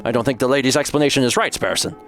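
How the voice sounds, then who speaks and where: Man doing a low, dry bird lawyer. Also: rapid-fire, fairly bright tone, soft background music, close to an everyday voice.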